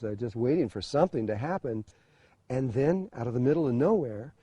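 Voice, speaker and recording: A man's voice: medium pitch, warm tone, dry recording. An older man from the USA, a spiritual teacher, tells a personal story in a hesitant way, full of fillers and restarts and with the odd chuckle. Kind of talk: storytelling talk.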